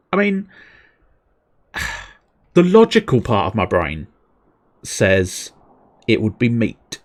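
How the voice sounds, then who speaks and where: A man streaming a video game and chatting casually, rambling into playful wordplay with a self-deprecating touch. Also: fairly low pitch. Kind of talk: casual livestream commentary.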